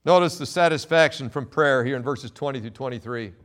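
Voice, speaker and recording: A male pastor preaching a sermon, reading scripture and swinging between loud emphatic quotes and quiet asides. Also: medium pitch, a little fast.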